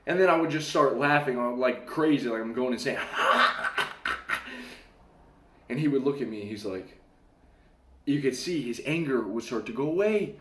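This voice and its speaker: A man's voice: mid-range voice, animated, brisk, slight background noise. Young guy riffing through a story, acts out the voices, swears casually, echoey room. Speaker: self-help talker.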